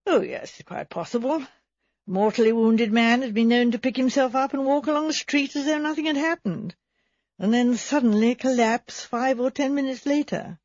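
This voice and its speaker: A woman's voice: a little high, moderate pace, a little mellow, no echo, pitched above the performer's own voice, lightly acted. A woman voicing a matter-of-fact male country doctor who explains things in a clinical way. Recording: slightly dull recording.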